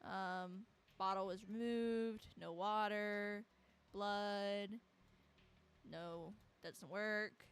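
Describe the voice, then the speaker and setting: A woman's voice: medium pitch, steady tone, drawn-out words, clean tone. A woman giving casual commentary as she plays a horror game, with wry, sarcastic asides. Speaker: let's play streamer.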